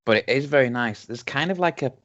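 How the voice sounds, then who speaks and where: A man's voice: medium pitch, expressive, quick pace, fairly bright tone. A man from England co-hosting a casual whisky-tasting podcast, rambling with many restarts and ums. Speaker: podcast co-host. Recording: dull lo-fi home podcast recording.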